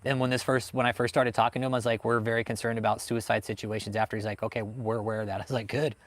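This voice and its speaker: A man with a mid-range voice races along in a flat delivery, no echo on the recording. As host of a livestream about cults, he swears constantly and rants heatedly while handling chat.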